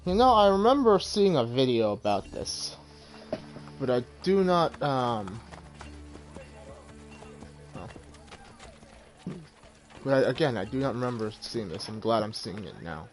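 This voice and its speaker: A man's voice: medium pitch, sing-song, unhurried, pauses often, soft background music. A man casually commenting while playing a game, rambling and self-deprecating as he thinks aloud.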